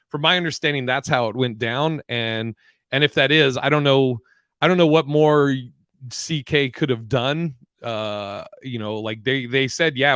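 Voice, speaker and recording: Podcast co-host, male, mid-range voice, dry close sound, rambling and profane, reads chat out loud. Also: medium pitch, clean tone, no echo. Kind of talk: casual live-stream chat reading comments.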